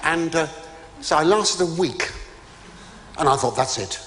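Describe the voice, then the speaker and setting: A man's voice: fairly high pitch, a little slow, a bit bright, slight background noise. An older man doing live stand-up comedy, chatty and stammering, with exclamatory asides to a student audience. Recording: reverberant hall with audience.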